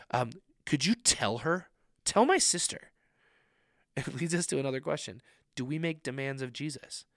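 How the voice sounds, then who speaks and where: Male pastor, middle pitch, relaxed conversational preaching that repeats key questions; dry, close sound. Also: no room sound. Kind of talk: sermon.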